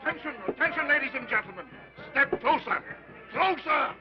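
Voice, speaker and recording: An actor playing a brash carnival barker, shouting sales patter in a 1930s film. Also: male voice, very high-pitched, animated, normal speed. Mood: hawking. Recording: dull lo-fi 1930s film sound with music.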